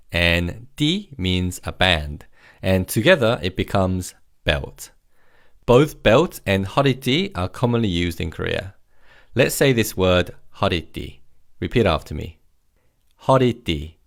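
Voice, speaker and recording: A man with a lowish voice leads a recorded language lesson. His pitch moves a lot as he praises learners and repeats each word slowly so they can follow along. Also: creaky. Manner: encouraging, repeats words slowly for practice. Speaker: language teacher.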